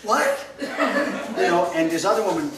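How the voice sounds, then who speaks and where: A man teaching a language workshop, telling anecdotes in a lively way and laughing along with them. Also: mid-range voice, moderate pace, a crowd in the background. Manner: lively, laughing as he tells stories. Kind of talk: anecdotal storytelling lecture. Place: workshop room. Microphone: distant mic. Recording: echoey room, far from mic, noisy.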